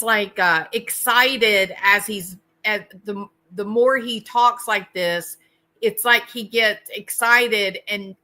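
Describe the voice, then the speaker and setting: Female host, slow and deliberate, bright tone, outraged commentary. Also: on the high side. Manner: indignant, emphatic, repeats words for stress. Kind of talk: casual commentary.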